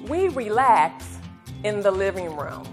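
An actress playing a friendly woman showing her friend's house, speaking with careful, clear enunciation in a scripted language lesson. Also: medium pitch, big pitch swings, slow pace. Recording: music playing under the voice.

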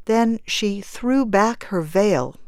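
A woman narrating a classic story in a measured, even reading style. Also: mid-range voice, smooth, no echo, studio quality. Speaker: audiobook narrator.

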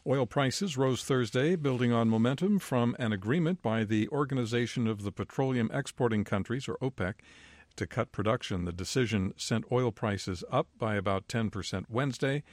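A man reading a scripted world news bulletin as the anchor, in a measured, even newsreader delivery. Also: medium pitch, no room sound.

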